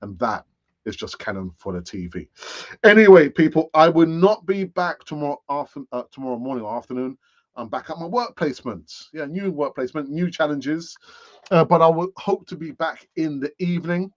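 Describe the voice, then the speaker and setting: A man's voice: fairly high pitch, brisk, muffled recording. A man hosting a football fan channel, chatting casually and rambling with lots of fillers and restarts. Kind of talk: casual live-stream chat.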